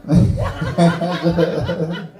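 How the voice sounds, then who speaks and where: A man's voice: a little high, level tone, very slow, echoey room, a crowd in the background, rough recording. A Canadian man doing a stand-up set in a small bar, teasing the audience with crude jokes. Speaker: stand-up comedian. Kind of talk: stand-up set with crowd work.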